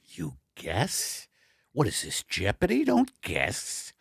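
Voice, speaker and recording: A man voicing Al, a bumbling, apologetic middle-aged husband, in a low mumbling voice in an improvised comedy sketch. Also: wildly swooping pitch, slow pace, dry recording, studio quality, heavily acted. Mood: sheepish. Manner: low, gravelly, mumbling and sheepish. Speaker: comedy podcast co-host.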